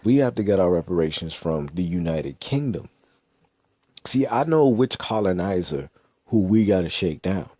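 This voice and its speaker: A man's voice: low-pitched, lively intonation, normal speed, mellow, breathy edge, dry recording, studio quality. A young man in a casual monologue as a podcast host, blunt, slangy and profane. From United States.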